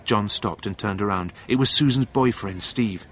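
A man narrating a story in a calm, plain, measured reading voice. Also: fairly low pitch.

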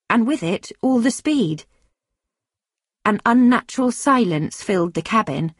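A woman reading a story aloud in a steady, clear storytelling manner. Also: mid-range voice, no echo, studio quality. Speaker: narrator.

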